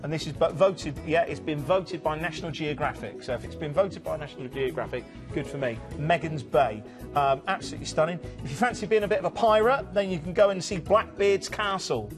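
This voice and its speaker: A man's voice: fairly high pitch, fairly quick, few pauses. A man from Southwest England with a Southwest English accent, presenting cruises in chatty, jokey live TV sales patter. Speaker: TV shopping channel cruise presenter. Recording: music bed under the voice.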